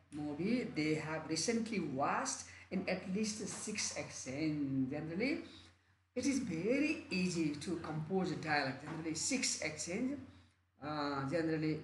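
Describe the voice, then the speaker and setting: A man's voice: a little high, a little hiss or hum. A man with a Nepali accent teaching an English exam-prep lesson online, repeating and rephrasing his points often. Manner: repetitive, restarts and rephrases often. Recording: echoey room, faint ambience.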